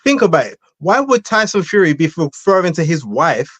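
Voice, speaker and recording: A man's voice: a little high, big pitch swings, brisk, fairly bright tone, no echo. A man pushing back insistently in a casual boxing debate.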